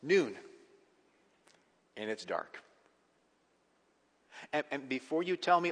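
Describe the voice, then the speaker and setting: Male pastor, sermon, somewhat high voice, hushed then emphatic, echoing sanctuary. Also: very animated, slow pace, long pauses. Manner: swings from hushed reflection to emphatic, rising preaching. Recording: long hall reverb.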